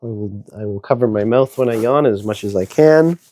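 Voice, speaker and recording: A man's voice: on the low side, moderate pace, dark tone. A man narrating a hobby kit build in a casual, chatty way, thinking aloud with many fillers and sounding tired and yawny. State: yawning, tired. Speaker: hobby video host.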